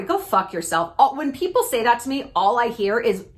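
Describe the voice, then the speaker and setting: Blunt, emphatic woman with a higher voice. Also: very animated, brisk, hardly any pauses. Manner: blunt and emphatic, swears freely, dramatic pitch swings. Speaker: YouTube commentator. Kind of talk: direct-to-camera advice talk.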